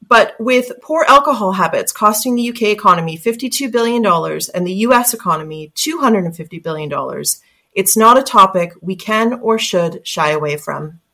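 A woman hosting a podcast, reading an earnest introduction and then chatting with her guest, emphatic and quick to laugh. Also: mid-range voice, lively intonation, pushed and bright. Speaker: podcast host. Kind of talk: scripted intro then casual interview.

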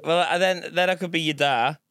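A man's voice: a little high, brisk, a bit bright, no room sound, studio quality. A hungover man co-hosting a podcast, hesitant and rambling with lots of ums. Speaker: podcast co-host. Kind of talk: casual banter.

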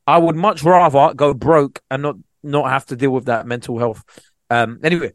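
A man's voice: medium pitch, moderate pace, no echo, clean studio sound. A young man, a comedian telling stories in a casual chat, full of slang. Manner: animated storytelling with slang. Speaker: comedian, podcast co-host.

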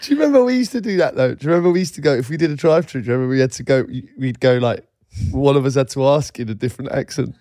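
A man's voice: medium pitch, animated, rapid-fire, dark tone, dry recording, clean studio sound. A man co-hosting a casual podcast, joking around and laughing as he questions his co-host. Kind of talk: casual chat.

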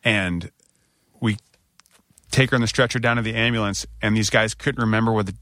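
Man, casual storyteller, animated, bright tense voice, dry close sound. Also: lowish voice, fairly quick, no room sound. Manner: animated, acts out his own anxious outbursts in quotes.

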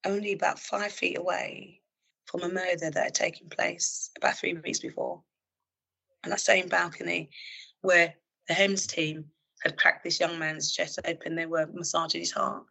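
A woman who is a former police officer, telling a personal story in an earnest, halting way with many fillers and restarts. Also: lowish voice, creaky, pushed and bright, slightly rough, low-quality recording. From London, England.

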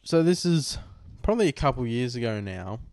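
A man's voice: medium pitch, very animated, brisk, vocal fry, a little mellow, no echo, clean studio sound. A young Australian man co-hosting a podcast, telling a rambling, sweary story in casual chat. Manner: rambling, swears often, acts out quotes. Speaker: podcast co-host. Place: lounge room.

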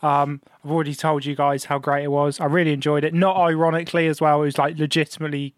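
A man hosting a casual podcast, his voice sitting a little high for a man. He talks animatedly and swears freely, recorded in a dry, close setting. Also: little pitch movement, quick pace, dry recording. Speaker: podcast host.

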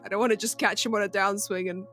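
A woman's voice: mid-range voice, steady tone, quick pace, fairly bright tone, soft background music. A woman playing a tabletop game, joking and swearing playfully. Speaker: player. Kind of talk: casual tabletop play.

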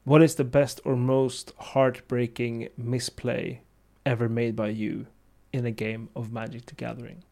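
Man, podcast host, gravelly voice, casual chat, animated storytelling. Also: medium pitch, a little slow, few pauses. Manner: laughs often, animated retelling.

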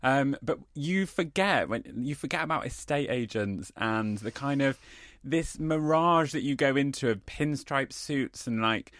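A man's voice: mid-range voice, expressive, unhurried, fairly bright tone, dry recording. Man, conversational guest, wry self-deprecating delivery, dry close recording. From northern England. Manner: chatty, wry, self-mocking anecdotes. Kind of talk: casual chat.

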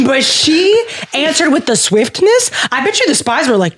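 A woman hosting a podcast, retelling a story in a casual, playful and animated way, with jokes and restarts. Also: high-pitched, a little slow, few pauses. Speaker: podcast host.

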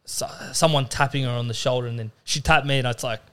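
A man's voice: medium pitch, quick pace, a bit bright, clear, resonant tone. A man co-hosting a podcast, telling stories in a laid-back, casual way and swearing now and then. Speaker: podcast co-host. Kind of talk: casual chat.

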